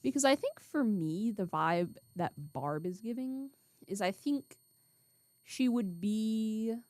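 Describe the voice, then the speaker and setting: Young woman, podcast co-host, chatty and meandering, medium pitch, dry booth sound. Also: animated, slow pace, darkish tone, no echo. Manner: chatty, thinks aloud with restarts. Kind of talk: casual podcast chat.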